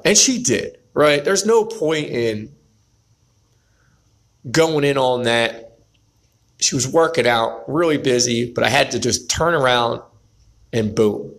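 A man's voice: medium pitch, vocal fry, a bit bright. A man tells his viewers about a moment at the gym, turning it into a pep talk. He keeps tossing in "right?" and speaks straight to the guys watching. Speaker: vlogger. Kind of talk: casual motivational storytelling.

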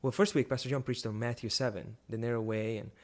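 Animated young man telling a story. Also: mid-range voice, fast talker. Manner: animated, many restarts and rising emphasis. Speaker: guest sharing a testimony. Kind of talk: personal storytelling.

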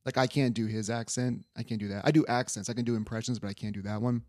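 A man's voice: mid-range voice, fairly even intonation, quick pace, darkish tone, no echo, clean studio sound. A young man hosting a casual sports podcast, rambling loosely and swearing offhand. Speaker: podcast host.

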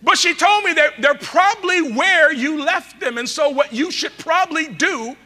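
A man pastor preaching a sermon, calling out to the congregation and swinging between loud bursts and quiet asides. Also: very high voice, animated, normal speed.

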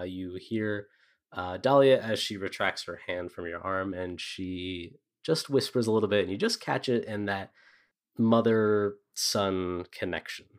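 A male game master with a low voice, narrating a tabletop role-playing session in a descriptive, loose way with plenty of fillers.

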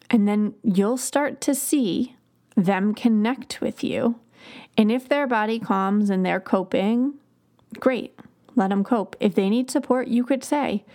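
A woman's voice: mid-range voice, slow pace, dark tone. A woman hosting a podcast, explaining child development in a conversational way with example phrases to children. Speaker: podcast host.

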